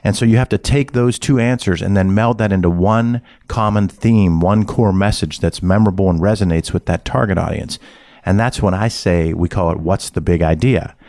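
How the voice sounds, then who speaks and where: A man hosting a marketing interview podcast, explaining ideas in an energetic way. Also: fairly low pitch, moderate pace, no echo, clean studio sound. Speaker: podcast host.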